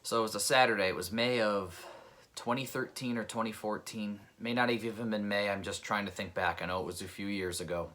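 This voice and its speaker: A man's voice: fairly low pitch, fairly even intonation, fairly quick, pushed and bright. A man, a pest control technician, telling a personal story in an earnest, reflective, conversational way.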